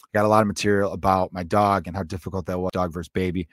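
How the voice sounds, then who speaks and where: A man's voice: low-pitched, fairly even intonation, very fast, no room sound, clean studio sound. A man in his thirties hosting a comedy podcast, telling a loose, profane, jokey story.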